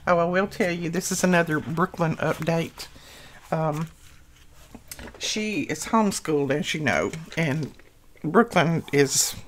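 Chatty grandmother crafting host, lowish voice. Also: a little hiss or hum. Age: older. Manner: chatty, homey storytelling while crafting. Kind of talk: casual crafting chat.

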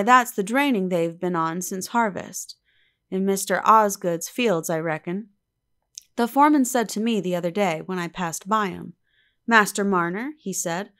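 A woman voicing a gentle, tender old village weaver who speaks slowly in a rustic way. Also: mid-range voice, natural voice. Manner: slow, soft and rustic.

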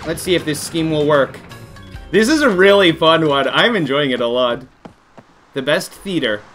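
A man's voice: a little high, expressive, moderate pace, a bit bright, soft background music. A man giving comedic let's play commentary, reading game text aloud and reacting with laughs and playful mock outrage. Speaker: gaming commentator.

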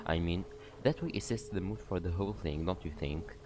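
A man's voice: low-pitched, background noise, close to an everyday voice. A man reading the lines of a sly, mocking female warden in a game, taunting her captives. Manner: taunting, drawn-out questions.

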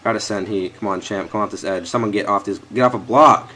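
A young male gaming YouTuber commentates live on his own football video game, frustrated and swearing at his players. His lowish voice is sharp and quick, with hardly any pauses. He's close to a headset or desk mic.

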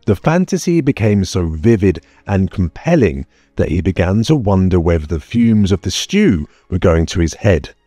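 A male audiobook narrator reading in a measured, expressive way, his deep, dark voice moving through a lively pitch range. The sound is close and dry, with soft music faintly underneath. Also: no room sound. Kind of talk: scripted narration.

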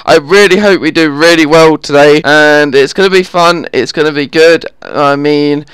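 A man's voice: a little high, normal speed, fairly bright tone, smooth, no room sound. Exasperated man narrating gameplay. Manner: easily exasperated, groaning at the game. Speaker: gaming channel host. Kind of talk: live gameplay commentary.

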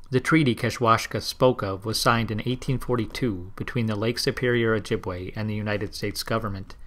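A man narrating a historical novel in a measured, steady audiobook reading. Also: on the low side.

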